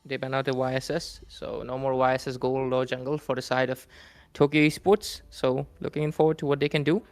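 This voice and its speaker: A man commentating an esports tournament draft live, relaxed and joking as he talks through the bans. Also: mid-range voice, fairly quick, dry recording. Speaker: esports caster.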